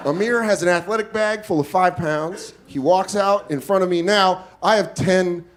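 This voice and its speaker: A man in his forties doing stand-up, telling a story in a loose, profane, self-mocking way with quick asides. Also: sits high. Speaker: stand-up comedian. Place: comedy club stage. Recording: live club with loud crowd laughter.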